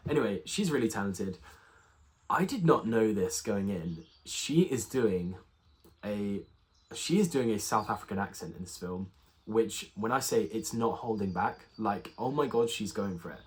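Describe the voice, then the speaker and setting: A man's voice: on the low side, expressive, normal speed, darkish tone. A young man giving a casual spoken film review, rambling with many fillers and restarts. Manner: rambling, full of ums and restarts.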